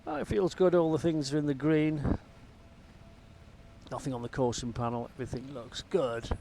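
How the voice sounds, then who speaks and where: A man's voice: mid-range voice, normal speed, vocal fry, dark tone, a little hiss or hum. A man giving casual, rambling commentary while flying a helicopter in a VR game, with wry asides. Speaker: gamer flying a VR helicopter sim.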